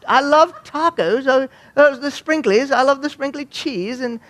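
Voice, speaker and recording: A man's voice: extremely high pitch, a little slow, fairly bright tone, pitched above the performer's own voice. A man putting on a mock British voice as church youth group teens chatting about snacks. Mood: prissy. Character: teen church kids in mock posh British.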